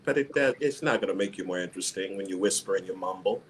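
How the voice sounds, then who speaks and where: A man actor on a panel, talking in an animated, exasperated, comic way over a video call. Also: low voice, quick pace, slight background noise. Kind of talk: casual panel chat.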